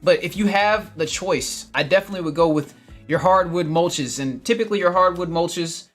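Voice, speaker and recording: Over soft background music, a man hosting a gardening livestream chats casually and reads viewer comments aloud. His high, fairly bright voice moves at a normal speed, and he laughs a lot and repeats himself.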